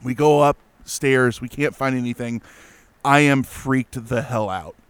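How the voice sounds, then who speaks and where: Man, mid pitch, smooth clear voice, dry close sound; animated casual storyteller. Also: measured pace, no echo. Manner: animated, lots of fillers and restarts. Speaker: guest telling a ghost story.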